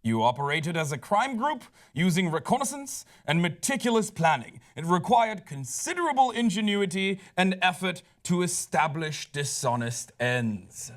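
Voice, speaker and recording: A man doing an exaggerated put-on British accent as a stern judge reading out a sentence, in a slow, formal delivery. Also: high-pitched, sing-song.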